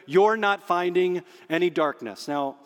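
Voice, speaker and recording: Male pastor, emphatic sermon delivery, slightly higher voice, long hall echo. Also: highs cut off. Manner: emphatic, slows down on key phrases. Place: church sanctuary under stage spotlights.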